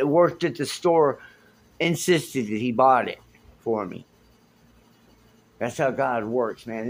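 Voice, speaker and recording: A man telling raw, rambling stories on his own phone vlog, agitated and swearing as he talks, recorded in a hotel room on a handheld phone. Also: mid-range voice. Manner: raw, unscripted storytelling. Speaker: vlogger.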